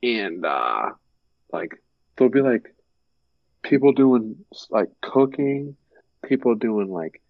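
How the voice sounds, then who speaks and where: A young man chatting casually, rambling with lots of fillers and breaking into animated impressions. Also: mid-range voice, slow, long pauses, no echo, narrow, tinny audio. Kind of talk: casual chat.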